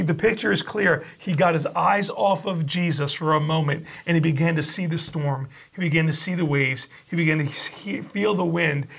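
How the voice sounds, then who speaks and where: A man preaching a sermon, reading scripture aloud and retelling it with lively asides. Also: fairly high pitch, gravelly, breathy edge. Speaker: pastor.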